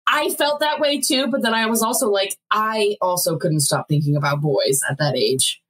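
A woman's voice: medium pitch, moderate pace, a bit bright, poor audio. A woman in her thirties co-hosting a podcast, casually recapping a TV episode, laughing often and swearing freely. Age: 30s. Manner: laughs often, swears, acts out characters' lines. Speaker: podcast co-host.

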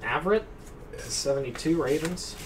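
A man's voice: a little high, animated, normal speed. A man hosting a live sports card break, reading out cards and names and joking with the room. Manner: jokey, rattles off names and cards. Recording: distant mic with noisy room.

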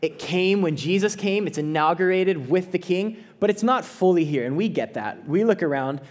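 A man's voice: sits high, lively intonation, normal speed. A man preaching a sermon as a pastor, earnest and conversational, often restarting his phrases.

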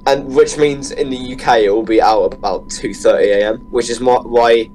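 A man's voice: mid-range voice, fairly even intonation, moderate pace, a little mellow, rough recording. A fifteen-year-old boy from England, chatting eagerly as a podcast guest, giggling often. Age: teens. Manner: eager, giggly, fillers and restarts. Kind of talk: casual podcast chat.

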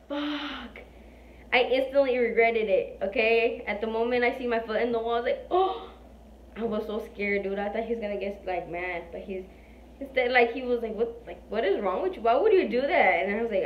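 A young woman chats to her viewers in a loose, rambling way, with plenty of fillers and swearing. Her voice sits a little high. The sound is muffled and lo-fi, with the echo of a bare room around her. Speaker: vlogger. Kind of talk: casual chat. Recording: echoey room, dull lo-fi sound.

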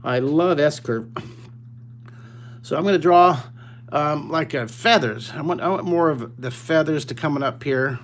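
A man's voice: on the high side, measured pace, a little hiss or hum. An older man teaching a live drawing lesson for children over a webcam, enthusiastic and playful, chatting to the kids as he draws.

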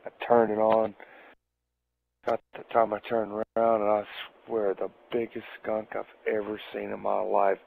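A man's voice: fairly low pitch, creaky. A man telling a casual anecdote in a profane way, laughing as he goes. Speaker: storyteller. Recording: tinny phone-like audio.

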